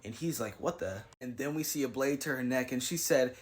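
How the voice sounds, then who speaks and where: A man's voice: mid-range voice, a little fast. A man recapping and reviewing a manga chapter in a casual, slangy way, paraphrasing the characters' lines as he goes.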